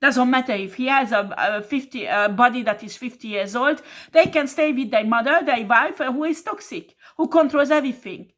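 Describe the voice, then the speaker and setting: A woman tarot reader delivers a blunt, scolding monologue, full of swearing. Her voice sits fairly high, and her English has non-native phrasing. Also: normal speed, hardly any pauses.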